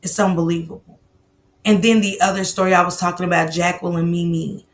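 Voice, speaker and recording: A woman hosting a casual live stream, telling stories loudly and animatedly with slang and swearing. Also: lowish voice, steady tone, quick pace.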